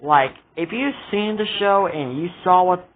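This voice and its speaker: A man whose voice sits high vents about a show in casual vlog commentary, expressive and at a measured pace. He comes across as exasperated and indignant, with repeated asides. The tinny, phone-like recording has slight background noise.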